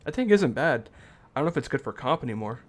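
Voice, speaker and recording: A man's voice: medium pitch, sing-song, quick pace. A man giving live commentary on an online tank game match in a casual, rambling way, often correcting himself and trailing off with fillers. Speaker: esports caster.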